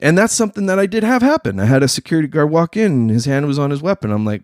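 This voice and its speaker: A man hosting a casual talk show, talking in slang and acting out other people in quick voices. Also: a little high, very animated, a little mellow, no echo, studio quality. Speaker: podcast host. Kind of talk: casual chat.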